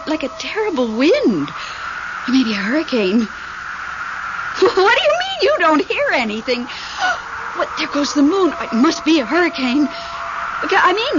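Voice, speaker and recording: A nervy widow, high voice that jumps around, muffled old radio with hiss. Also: female voice, big pitch swings, normal speed. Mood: frightened. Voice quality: breathless, fretful. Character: lonely widow, nervy and easily frightened. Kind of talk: 1970s radio drama acting.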